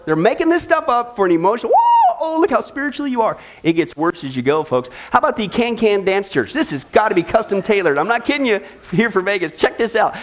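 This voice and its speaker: A man teaching a Bible study, mocking and joking with loud exclamations. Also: high voice. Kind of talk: recorded Bible study talk.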